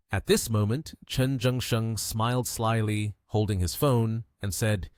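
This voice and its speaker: A man's voice: lowish voice, a little slow, few pauses, no echo, studio quality. A man narrating a story recap in a scripted, storytelling way.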